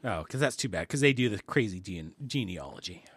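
A man's voice: sits low, animated, a little fast, a bit bright, breathy edge, no echo. A man co-hosting a podcast, trading dry, sardonic quips in casual chat. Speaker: podcast co-host.

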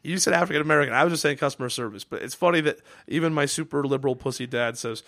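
A man co-hosts a casual podcast and rants quickly with plenty of swearing. He talks at a rapid clip, and his voice sits close and dry on the mic. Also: medium pitch, gravelly, fairly bright tone, no room sound. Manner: fast, profane, ranting. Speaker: podcast co-host.

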